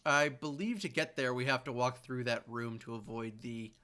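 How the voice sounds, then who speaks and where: Bright-voiced man recapping party plans. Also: medium pitch, fairly even intonation, normal speed, clean tone. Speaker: player. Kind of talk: casual chat at a game table.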